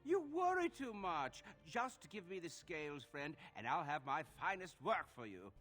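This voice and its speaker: Eager, obsessive blacksmith. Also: male voice, on the high side, big pitch swings, measured pace, music in the background. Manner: eager, restless, tinkering. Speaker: game character.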